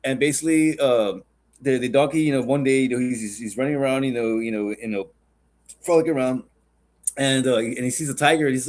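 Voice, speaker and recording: A man's voice: mid-range voice, fast, a little mellow. A man hosting a podcast, chatting casually in a rambling, joking and profane way. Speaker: podcast host.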